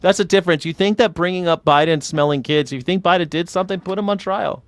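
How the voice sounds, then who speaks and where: A man hosting a casual political chat show, rambling, sarcastic and quick to swear. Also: sits high, dry recording. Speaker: host.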